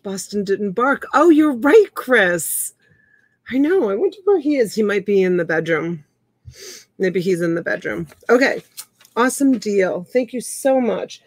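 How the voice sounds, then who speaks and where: A woman's voice: medium pitch, expressive, measured pace, dry recording. A woman in her fifties hosting a live online auction from home, chatting with viewers by name as she calls out bids. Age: 50s. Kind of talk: casual live-stream auctioneering.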